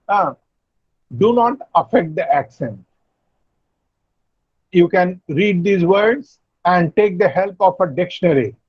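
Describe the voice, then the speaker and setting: A man lecturing an online class, explaining slowly, repeating and spelling out words. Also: sits high, dry recording, muffled recording. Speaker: university lecturer. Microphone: video call.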